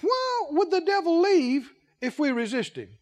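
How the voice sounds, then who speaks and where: Male pastor, sermon, emphatic, repetitive questions, high voice, lively. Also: a little slow. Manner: emphatic, repetitive, asks the congregation questions, acts out quotes. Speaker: pastor, head of a ministry.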